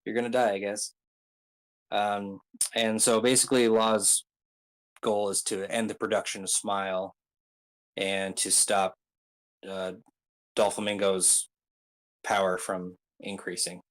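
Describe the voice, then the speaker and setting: A man's voice: fairly low pitch, level tone, slow, pauses often, a bit bright, rough recording. A man casually recapping a story, rambling with many ums and uhs and throwing in joking asides. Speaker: video creator recapping an anime arc.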